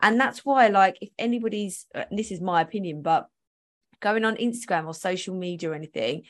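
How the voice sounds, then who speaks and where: A woman's voice: medium pitch, fairly quick. Chatty woman hosting a podcast; casual, laughing, loose sentences. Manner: chatty, laughs often, trails off mid-sentence. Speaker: podcast host.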